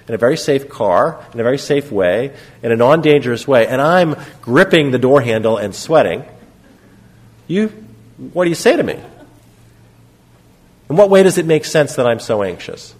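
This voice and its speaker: A middle-aged man gives a conversational lecture on therapy, his voice a little husky. His pitch leaps up and down as he talks, and he keeps checking in with his listeners before moving on. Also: normal speed, pauses often. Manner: lively, conversational, frequent "okay?" check-ins and acted example quotes. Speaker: lecturer on psychotherapy.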